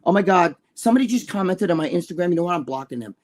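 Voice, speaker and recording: A man's voice: high voice, very animated, racing, a little mellow. An older man chatting as a guest, rambling and profane with many restarts. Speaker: guest, bodybuilding columnist. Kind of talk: casual live chat.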